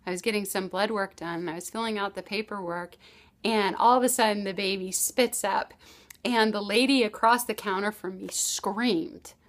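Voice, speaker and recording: A woman's voice: mid-range voice, steady tone, moderate pace. Chatty mother telling a parenting story. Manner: chatty storytelling with frequent restarts and laughs. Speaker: parenting advice presenter. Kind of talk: casual advice talk to camera.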